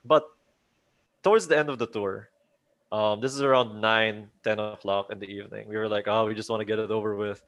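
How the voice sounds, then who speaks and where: A young man telling a ghost story to friends in casual chat, animated and acting out the voices of the people in it, with many restarts. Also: lowish voice, a little fast. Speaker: storyteller on a group chat show.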